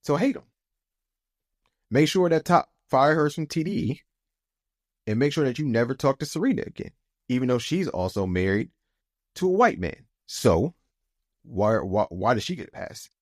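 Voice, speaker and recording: A man's voice: medium pitch, lively intonation, moderate pace, long pauses, no echo, studio quality. A man co-hosting a podcast in casual chat, heated and emphatic, talking in loose, repeated phrases with many fillers. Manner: heated, rising to emphatic outbursts. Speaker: podcast co-host.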